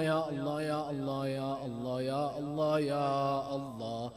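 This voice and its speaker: A man's voice: medium pitch, fairly even intonation, racing, a crowd in the background. Fervent man leading prayers. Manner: fervent repeated invocations. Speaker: prayer leader. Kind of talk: supplication leading a congregation. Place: mosque hall, live stream.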